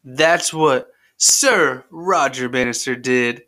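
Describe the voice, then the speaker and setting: A man's voice: mid-range voice, measured pace. A man hosting a casual sports history podcast, telling stories in a jokey, goofy, chatty way. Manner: jokey and goofy, with playful tall tales; loose and chatty, with frequent fillers. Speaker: podcast host.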